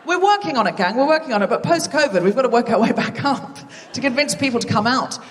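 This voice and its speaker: On a theatre stage, a woman hosts a live comedy podcast, bantering with the crowd in a chatty, self-mocking way. Her fairly high voice is expressive and fast. The stage mic sits at a distance, picking up a big-room sound.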